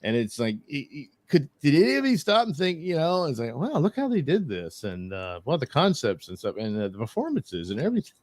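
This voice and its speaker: Male co-host, animated pitch, wry, dry room. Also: a little fast, hardly any pauses, no echo. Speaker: podcast co-host. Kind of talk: casual chat.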